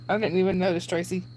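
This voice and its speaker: A woman's voice: fairly low pitch, warm tone, slight background noise. Chatty woman thanking viewers. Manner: chatty, laughs often, thanks viewers by name. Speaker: live-stream host. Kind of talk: casual chat reading viewer comments.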